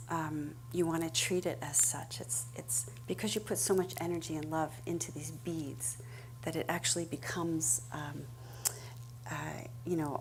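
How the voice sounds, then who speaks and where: A woman leading a guided meditation and explaining chanting to a small audience, talking gently and wandering a little with many fillers. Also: sits low, a little hiss or hum. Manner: gentle, meandering, with frequent fillers. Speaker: meditation leader.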